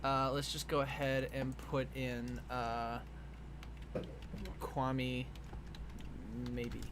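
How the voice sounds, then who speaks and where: A man live-streaming as he draws, talking casually in a rambling, jokey way with sudden excited outbursts. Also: mid-range voice, drawn-out words, background noise. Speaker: streamer and artist. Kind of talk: casual live-stream chat while drawing.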